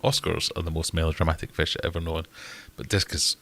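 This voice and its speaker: A man's voice: rumbling low, flat delivery, fast, gravelly, fairly bright tone. A man with a Glaswegian accent hosting a casual live-stream Q&A, chatty and jokey as he answers viewers. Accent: Scottish, Glaswegian. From Scotland. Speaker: host.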